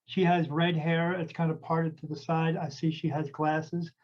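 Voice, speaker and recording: A man's voice: a little high, flat delivery, normal speed. A man hosting a podcast as a medium, telling stories in a rambling, casual way with many fillers and restarts. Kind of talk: casual storytelling chat. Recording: dull lo-fi audio.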